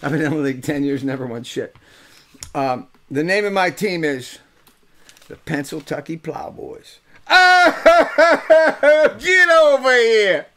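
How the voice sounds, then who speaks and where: An older man from talks to his webcast viewers in a loose, joking way. He teases the audience, swears freely and fills his pauses with plenty of uhs. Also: a little high. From Pittsburgh, USA. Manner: joking, teasing, swearing, with lots of fillers. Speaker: host and musician. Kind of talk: casual comic monologue to a webcast audience. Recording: live webcast audio.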